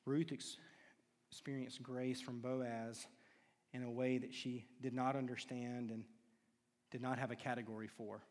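A man preaching a sermon, telling stories and acting out quoted lines with hushed and raised turns. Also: mid-range voice, flat delivery, a little slow. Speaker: pastor. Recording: long hall reverb.

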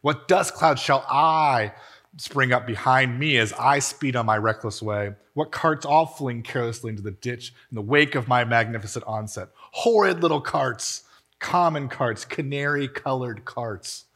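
A man voicing a young, rich, reckless gentleman toad from a storybook, speaking in a dreamy, rapturous monotone. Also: medium pitch, a little slow. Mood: dreamy rapture. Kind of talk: reading a storybook passage aloud.

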